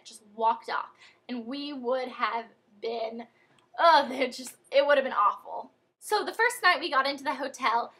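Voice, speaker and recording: A young American woman chatting through a childhood story in a casual vlog, animated and full of fillers. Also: sits high, breathy edge. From United States. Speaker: vlogger.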